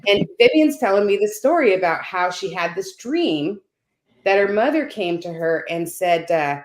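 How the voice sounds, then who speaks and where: A woman telling a personal story as a guest on a video call, animated and often checking in with "right?". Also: medium pitch, normal speed. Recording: roomy echo.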